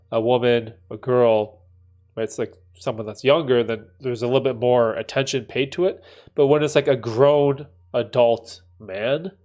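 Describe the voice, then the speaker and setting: A man's voice: mid-range voice, a little mellow. A man with a stuffy, congested voice, casually chatting with viewers on a live stream and reacting to their messages. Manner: reads chat messages aloud and reacts, conversational with many fillers. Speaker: streamer answering chat.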